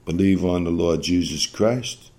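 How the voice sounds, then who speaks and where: A man's voice: sits low, a little slow, mellow. A man preaching a sermon, earnest and exhorting, often repeating phrases for emphasis.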